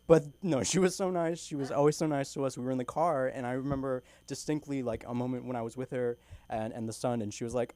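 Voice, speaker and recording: A man's voice: mid-range voice, steady tone, fairly quick, warm tone. A young man from California doing a stand-up set at an open mic in a small comedy club, rambling loosely and giggling through his own jokes.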